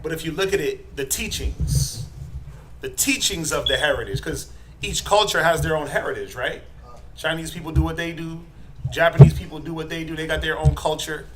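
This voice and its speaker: A middle-aged man teaching a Bible class, quizzing his students and tagging his points with "right?", building to forceful emphasis. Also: on the high side, moderate pace, background noise. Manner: asks the class questions, tags lines with "right?".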